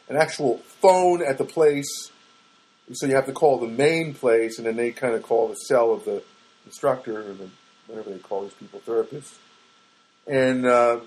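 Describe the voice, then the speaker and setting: A man's voice: mid-range voice, a little mellow, rough recording. A man talking alone in his small studio apartment, telling a rambling, exasperated story for his podcast. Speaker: solo podcaster. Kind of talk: casual monologue.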